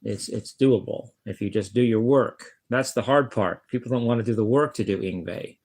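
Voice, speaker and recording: A vlogger and guitarist with a mid-range, darkish voice talks to the camera at a normal speed. His monologue is blunt and rambling, full of swearing, restarted sentences, and stammered repeats.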